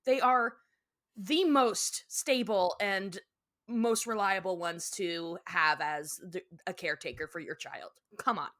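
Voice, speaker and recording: A woman's voice: on the low side, takes it slowly, fairly bright tone. A woman guest on a casual podcast, talking with enthusiasm, laughing often and acting out lines from a cartoon.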